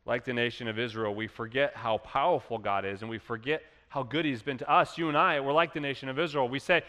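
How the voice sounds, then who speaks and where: A man preaching a sermon as pastor, animated, acting out quoted complainers in a raised voice. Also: mid-range voice, quick pace, few pauses, in a large hall.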